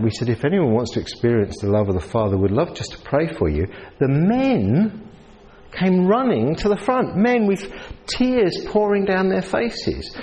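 A man preaching a sermon into a handheld mic, telling stories in a lively way and acting out the people in them. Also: mid-range voice. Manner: lively storytelling with voiced characters. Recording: long hall reverb, faint ambience.

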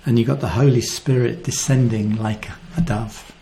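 A man preaching a sermon, earnest and reflective, often dropping to a soft voice. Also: mid-range voice, steady tone, normal speed, gravelly, a little hiss or hum.

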